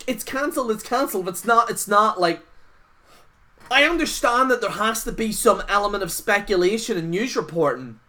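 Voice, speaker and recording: A woman's voice: a little high, sharp tone. A woman on a wrestling channel ranting off the cuff, rambling and swearing, padding every thought with fillers and scoffing at others. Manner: rambling, profane, full of "like" fillers; scoffing, mocks others with put-on voices. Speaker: wrestling YouTuber. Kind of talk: unscripted rant.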